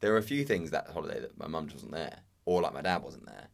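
Young male co-host, low voice with lively swings, playful comic delivery. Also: fast talker, creaky. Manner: jokey, animated, acts out voices. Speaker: podcast co-host. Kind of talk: casual comedic chat.

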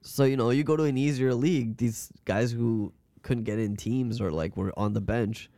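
A man's voice: medium pitch, normal speed, mellow, dry recording. A man co-hosting a podcast, chatting casually about football in a rambling, joking way and swearing freely. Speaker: podcast co-host. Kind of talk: casual sports chat.

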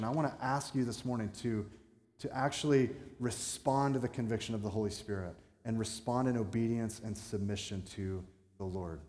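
With a mellow, mid-range voice, a man delivers a sermon as pastor, mixing playful storytelling and jabs at himself with more earnest moments. The church sanctuary rings with long, echoing reverb.

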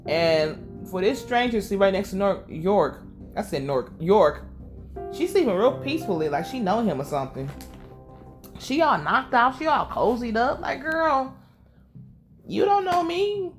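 A woman casually recapping a TV episode, animated and profane, laughing as she tells it. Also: mid-range voice, normal speed, soft background music. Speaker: show recap vlogger.

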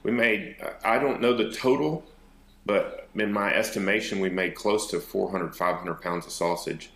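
A man's voice: fairly low pitch, normal speed, reverberant. A man from North Texas co-hosting a podcast, chatting casually and rambling with fillers over a remote call. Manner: relaxed, rambling, hesitant with fillers. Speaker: podcast co-host. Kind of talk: casual chat.

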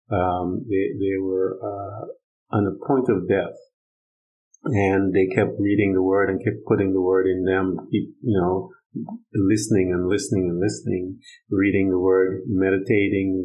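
Low-voiced man preaching an informal rant. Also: a little mellow, low-quality recording. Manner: conversational, many fillers, acts out Bible dialogue.

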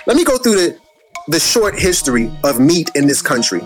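Animated preachy man ranting on a live video. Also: on the high side, moderate pace, soft background music. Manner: preachy, rambling, addresses listeners as family. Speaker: social media commentator.

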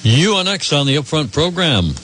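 A man's voice: fairly high pitch, sing-song, normal speed, fairly bright tone, slight background noise. A man hosting a call-in radio talk show, chatting and joking with lots of fillers.

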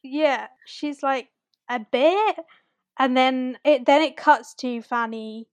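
A woman with a fairly high voice co-hosts a casual chat. She talks in a loose, rambling way with lots of fillers, and her voice sounds close and dry with no room in it. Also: no room sound. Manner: fast and loose, filler words, lively retellings. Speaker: podcast co-host.

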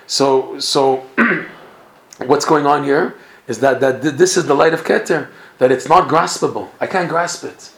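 A man teaching a Torah class, telling a story with lively feeling and mixing in Hebrew and Yiddish terms. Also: fairly high pitch, a little slow. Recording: echoey room.

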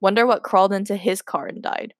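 A woman's voice: medium pitch, steady tone, fairly quick, no room sound. Woman, podcast host, reading aloud, giggly, self-mocking, dry close sound. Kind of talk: reading her old story aloud with commentary.

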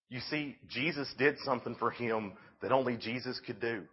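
A man giving a youth sermon, telling the story in an animated, casual way with lots of "like"s. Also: on the low side, a little fast, hardly any pauses, husky, highs cut off. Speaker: youth speaker.

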